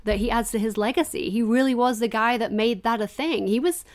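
A woman co-hosting a casual podcast chat, quick and enthusiastic, often laughing. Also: on the high side. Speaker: podcast co-host.

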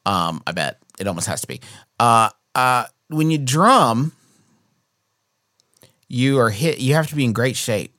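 A man's voice: mid-range voice, animated, unhurried, pauses often, sharp tone, dry recording, clean studio sound. A man co-hosting a casual comedy podcast, joking and doing little bits as he talks. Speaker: podcast co-host.

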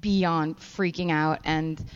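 A woman's voice: deep voice, takes it slowly, clean tone. A woman guest comedian telling self-mocking stories on a live festival stage. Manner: self-mocking, animated anecdotes. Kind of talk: candid storytelling on stage. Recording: long hall reverb, dull live recording.

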